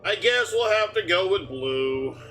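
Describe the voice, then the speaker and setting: Bright-voiced rambling male game streamer. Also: high voice, lively intonation, unhurried, soft background music. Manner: rambling, joking, talks through on-screen prompts. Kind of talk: casual live game commentary.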